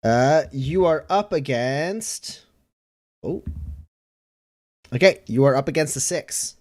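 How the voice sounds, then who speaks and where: A man's voice: mid-range voice, lively intonation, takes it slowly, darkish tone. A man narrating as game master of a tabletop game, talking casually with many fillers.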